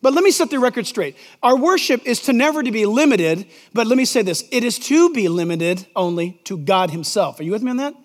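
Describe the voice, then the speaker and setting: A man's voice: very high voice, animated, brisk, few pauses. Middle aged pastor guy preaching, chatty and emphatic, reads scripture, long reverb in the sanctuary. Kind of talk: sermon. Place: large church sanctuary. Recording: long reverb in a large church.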